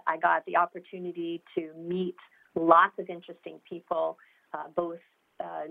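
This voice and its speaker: A woman's voice: on the low side, gravelly, phone-quality sound. A woman founder answering interview questions, enthusiastic and explanatory, with many fillers. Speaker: startup founder.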